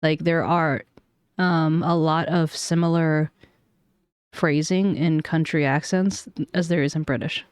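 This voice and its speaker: A woman's voice: low voice, fairly even intonation, measured pace, smooth, no room sound, studio quality. A woman streamer chatting casually and self-deprecatingly between game lines, swearing now and then.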